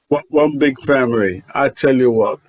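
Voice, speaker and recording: A man's voice: medium pitch, moderate pace, a crowd in the background. Jovial man in his fifties co-hosting. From England. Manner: jovial, stammering restarts, laughs along. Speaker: podcast co-host. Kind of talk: casual radio podcast chat.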